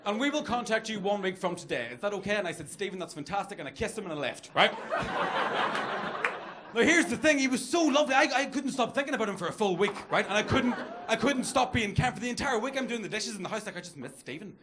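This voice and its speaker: A man's voice: sits high, expressive, fast talker, very noisy. A man doing a chatty stand-up set, addressing the crowd with camp asides. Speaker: stand-up comedian. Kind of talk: stand-up routine. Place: comedy club with live audience. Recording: live club set, loud crowd laughter.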